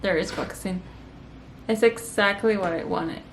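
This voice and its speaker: Young woman, mid-pitched voice, chatty casual vlog talk, echoey room, faint background hiss. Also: normal speed. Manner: chatty, laughs easily, uses "like" a lot. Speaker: vlogger, co-host with husband. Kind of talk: casual chat to camera.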